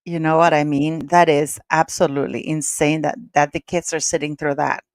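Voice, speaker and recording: A woman on a live call-in panel, talking in a chatty, excitable way with many restarts. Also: deep voice, normal speed, no room sound, studio quality. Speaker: regular panelist. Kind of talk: casual live call-in chat.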